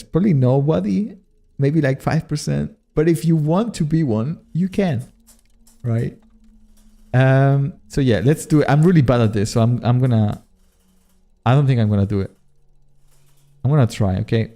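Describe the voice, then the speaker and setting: A man's voice: mid-range voice, normal speed, vocal fry, warm tone. Casual, self-mocking male streamer. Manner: casual, self-deprecating, swears often, laughs at himself. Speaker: streamer and modpack creator. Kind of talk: casual live-stream gameplay chat.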